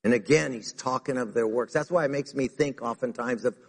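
A man preaching a sermon to a church congregation in an animated way, acting out the words he quotes. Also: medium pitch, a little fast, creaky, slightly rough. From United States. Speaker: pastor. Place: church sanctuary. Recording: reverberant hall.

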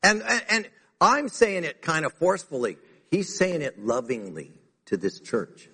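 Gravelly-voiced man preaching in a hall. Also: on the high side, unhurried. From United States. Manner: animated preaching, voicing Jesus' words in quotes. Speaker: pastor. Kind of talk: sermon. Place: church sanctuary. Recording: reverberant hall.

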